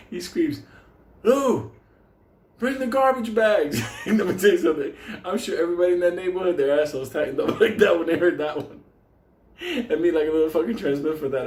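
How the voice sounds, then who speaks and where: A man's voice: a little high, a little mellow, reverberant. A man telling a wild story in a casual, profane way, often laughing as he talks. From New York.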